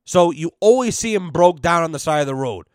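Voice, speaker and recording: Young man, podcast host; blunt, sweary rant delivery, slightly high voice, dry close mic. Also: expressive, brisk, no room sound. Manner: blunt, cursing, exasperated storytelling with quoted voices. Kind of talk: casual profane podcast rant.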